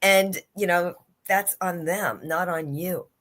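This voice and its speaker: Slow and a bit bright, though on the low side, a woman's voice carries an earnest motivational talk. She's a guest life and leadership coach in a video-call livestream interview, stressing points by repeating key phrases.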